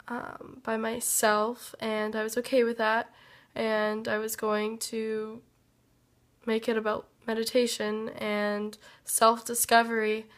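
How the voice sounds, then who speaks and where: A woman with a hoarse voice from being sick, giving a hesitant, reflective personal life update as a vlogger. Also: on the high side, fairly bright tone. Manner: slow, hesitant and reflective, many pauses and fillers. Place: workplace.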